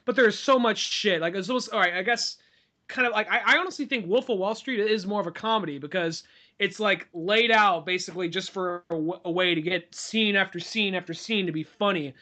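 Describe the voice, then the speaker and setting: High, bright-voiced young man chatting. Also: a little fast. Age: 20s. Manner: loose, profane, musing. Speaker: podcast co-host. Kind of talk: casual chat.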